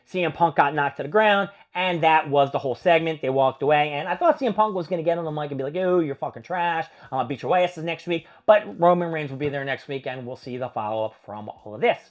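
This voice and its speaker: A man's voice: a little high, fast talker, few pauses, lo-fi sound. A man hosting a casual wrestling review vlog, recapping matches in a rambling, profane play-by-play and acting out what the wrestlers said.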